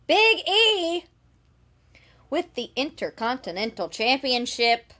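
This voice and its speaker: A woman's voice: high voice, sing-song, very slow, fairly bright tone. A woman hosting a live sales stream, bubbly and teasing, laughing often. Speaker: host selling signed merchandise.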